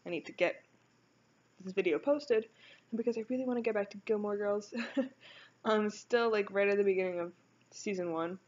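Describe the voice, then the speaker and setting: A woman's voice: medium pitch, muffled recording. A young woman rambling casually over a video game build, often stopping to correct herself. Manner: rambling, chatty, self-correcting.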